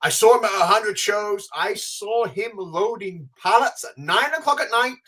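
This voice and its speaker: A man co-hosting a podcast, telling an animated story in casual chat and acting out the quotes. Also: sits high, normal speed, a little hiss or hum. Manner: animated, acts out quotes with big swings. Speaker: podcast co-host.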